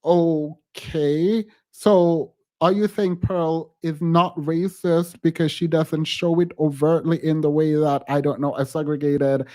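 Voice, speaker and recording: A man's voice: a little high, little pitch movement, takes it slowly, hardly any pauses, warm tone. A man hosting a reaction commentary, skeptical and exasperated, thinking aloud. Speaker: host reacting to a clip.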